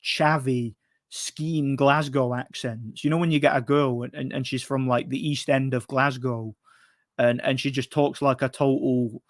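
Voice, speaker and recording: A man's voice: medium pitch, fairly even intonation, unhurried, no echo. Male host, casual chat, opinionated rambler who keeps restarting, dry close sound. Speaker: host answering viewer questions.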